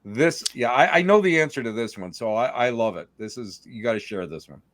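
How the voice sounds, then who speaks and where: Chatty male host with an animated, lively pitch; teasing and quick to laugh, dry close recording. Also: dry recording. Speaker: podcast host. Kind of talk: casual chat.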